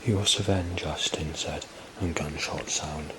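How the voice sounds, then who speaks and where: A man talks through a personal log in a deep, low voice, rambling and hesitant. He records indoors, and a steady hiss of ambient noise sits under the whole recording. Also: moderate pace, poor audio. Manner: rambling, hesitant, dotted with fillers. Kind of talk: spoken log. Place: indoors in a building.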